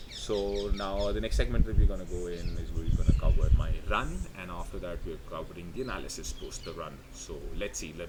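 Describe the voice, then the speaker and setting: A man's voice: low voice, heavy reverb, recorded from a distance, heavy background noise. A man vlogging casually about his running, rambling with many restarts and fillers, recorded outdoors. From India. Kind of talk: casual vlog talk.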